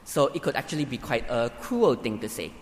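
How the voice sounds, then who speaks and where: A man preaching a sermon in a church hall, emphatic and building to forceful peaks. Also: medium pitch, very animated, fairly quick, a little hiss or hum. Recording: reverberant hall, faint ambience.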